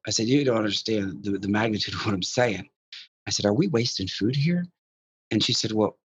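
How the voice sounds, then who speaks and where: A man's voice: on the low side, slightly rough, rough recording. A man telling his experiences in a casual interview, rambling with many restarts and repeated words. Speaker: guest describing contact experiences.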